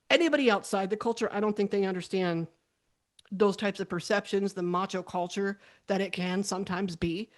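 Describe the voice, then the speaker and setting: Chatty woman hosting an interview. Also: medium pitch. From United States. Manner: chatty, animated, laughs easily. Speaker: podcast host. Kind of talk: casual interview chat.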